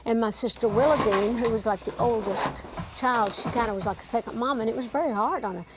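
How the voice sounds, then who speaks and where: A woman's voice: a little high, brisk, noisy background. A woman in her sixties with a Southern mountain accent, telling family stories as an interview guest in a folksy, rambling way full of fillers. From Tennessee, USA. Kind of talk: emotional interview storytelling.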